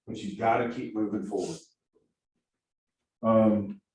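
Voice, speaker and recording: Energetic coach with a Southern accent. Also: male voice, mid-range voice, moderate pace. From Missouri. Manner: energetic, keeps asking "right?". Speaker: productivity coach. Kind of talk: classroom training talk. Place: classroom. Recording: echoey room from far off, faint hiss.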